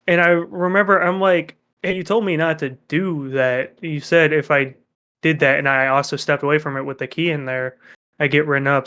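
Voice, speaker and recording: Young male podcast co-host, fairly high voice, animated storyteller with plenty of swearing. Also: smooth. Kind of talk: casual chat.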